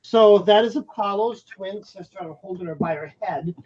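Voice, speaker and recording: A woman's voice: mid-range voice, moderate pace, darkish tone, husky. A woman hosting a casual livestream, chatting and reading out viewer comments. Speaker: livestream host. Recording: dull lo-fi stream audio.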